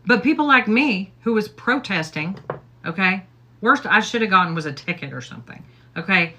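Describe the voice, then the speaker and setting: A woman's voice: mid-range voice, animated, normal speed, pushed and bright. A middle-aged woman hosting a casual get-ready-with-me livestream, talking in a rambling way with lots of "okay?" and "like". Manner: chatty, rambling, repeats "okay?" and "like". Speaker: livestream host.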